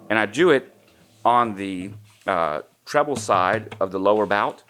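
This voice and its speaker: Easygoing guy teaching guitar, lowish voice, counting strums, guitar playing under him. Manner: easygoing, counts strums aloud, sings snatches of melody. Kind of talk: guitar lesson.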